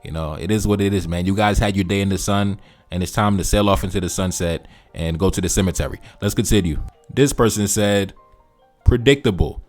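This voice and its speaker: A man hosting a casual reaction commentary, blunt and laid-back, swearing freely as he reads comments aloud. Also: low voice. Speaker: commentator and channel host.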